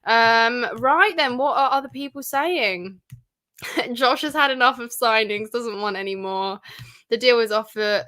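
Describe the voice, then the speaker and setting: A young woman chats through a livestream, emphatic and full of fillers. Her voice sits a little high and rings bright and forceful. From North London. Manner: chatty and emphatic, many fillers. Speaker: livestream host. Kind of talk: casual livestream chat.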